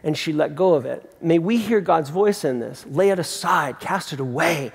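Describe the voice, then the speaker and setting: A middle-aged man preaching a sermon as pastor, conversational and animated, with emphatic repeats. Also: a little high, moderate pace, gravelly, husky. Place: large theatre. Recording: long hall reverb from a theatre.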